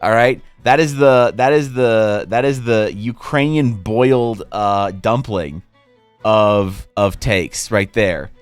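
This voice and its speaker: A man streaming, chatting casually while he draws, in a rambling, profane, animated way. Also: on the low side, slow, clear, resonant tone, no echo, faint music behind.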